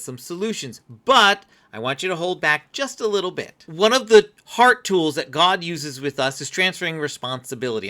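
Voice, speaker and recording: Lively, bright-voiced male parenting coach. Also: on the high side. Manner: earnest, explanatory, coaching tone. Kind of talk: instructional talk to camera.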